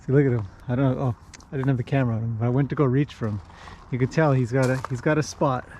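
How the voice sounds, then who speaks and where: A horse trainer and owner records a casual walk-and-talk vlog outdoors among his horses, greeting them in a raised, sing-song voice. His medium-pitched, darkish voice races along with fairly even intonation. There's slight background noise.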